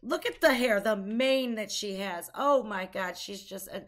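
A woman's voice: medium pitch, a little slow. A woman hosting a music reaction video, gushing and exclamatory, fangirling over a band. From United States. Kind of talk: excited music reaction chat.

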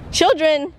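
A woman vlogging her family life in an animated, excitable way, switching between English and Spanish. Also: high-pitched, a little hiss or hum. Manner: animated, excitable, bursts into yelps and laughs. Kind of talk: casual family vlog chat.

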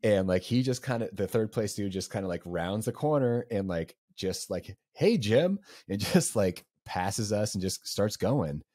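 A man's voice: lowish voice, normal speed, hardly any pauses, mellow, no room sound, clean studio sound. A young man co-hosting a podcast, telling a race story casually and rambling with lots of fillers. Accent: Southern US. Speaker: podcast co-host.

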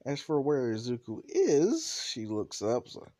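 A young man tells a fan story off the cuff, with jokes and constant fillers. His voice is mellow and animated in pitch. It is recorded on a close mic with a dry sound. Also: a little slow, dry recording. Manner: rambling, joking, many fillers. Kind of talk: casual improvised storytelling.

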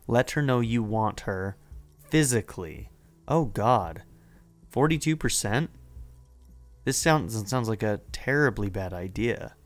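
Animated man playing a game aloud. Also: on the low side, takes it slowly, pauses often, faint music behind. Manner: chatty, hesitant, often laughing. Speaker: gaming video host. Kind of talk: let's play commentary, reading game text aloud.

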